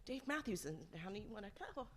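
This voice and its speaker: A woman's voice: mid-range voice, expressive, quick pace, slight background noise. A woman speaking as an aunt in a eulogy at a funeral service, telling stories emotionally and often dropping to a whisper. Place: funeral home.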